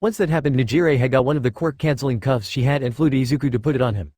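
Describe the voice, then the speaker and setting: A man narrates a fan fiction story in a flat, hurried reading voice. He races through the text at a brisk pace. The recording is dry and close. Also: mid-range voice, no echo.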